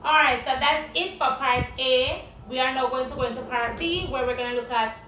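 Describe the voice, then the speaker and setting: A high-pitched Jamaican woman teaches vocabulary, spelling words out and putting questions to a guest. She sounds a little off the mic in an echoey room, with faint background noise. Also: brisk, bright, forceful tone, far from the mic. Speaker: English teacher. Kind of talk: vocabulary lesson.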